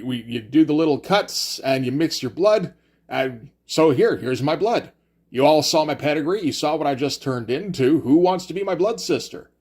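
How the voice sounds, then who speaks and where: A man giving a loose, casual comic book review, acting out lines of dialogue and swearing freely. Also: medium pitch.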